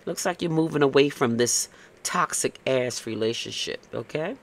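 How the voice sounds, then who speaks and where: A man's voice: medium pitch, moderate pace, vocal fry. A man giving a casual, blunt tarot reading, tagging "okay?" onto his points and cursing freely. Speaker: tarot reader.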